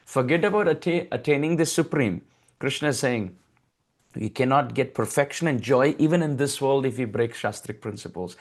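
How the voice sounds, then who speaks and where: A man's voice: mid-range voice, a little fast. A man giving a devotional scripture lecture, reciting Sanskrit verses and explaining them. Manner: recites Sanskrit verses and acts out a pleading child with raised voice. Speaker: spiritual teacher.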